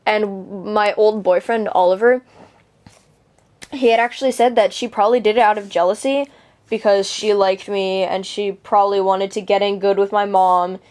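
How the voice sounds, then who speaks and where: A woman's voice: mid-range voice, fairly even intonation, moderate pace, a little mellow. A teenage girl venting a personal story to camera, indignant and swearing freely, with lots of fillers and restarts. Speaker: vlogger.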